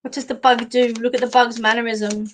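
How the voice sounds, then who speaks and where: A woman's voice: a little high, little pitch movement, fairly quick, slight background noise. An Australian woman hosting a casual live chat, chatty and giggly as she reads out comments. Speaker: host of a live chat show.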